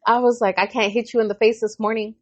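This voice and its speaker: A woman co-hosting a podcast, chatting casually and bluntly, telling animated stories with voiced quotes and plenty of swearing. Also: on the high side, fast talker, no room sound. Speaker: podcast co-host. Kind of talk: casual chat.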